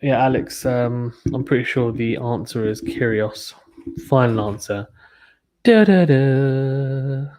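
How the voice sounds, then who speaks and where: Young British man, casual stream host, chatty and relaxed, mid-pitched voice, reads out viewer comments. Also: measured pace, a little hiss or hum. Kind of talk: casual live watchalong commentary.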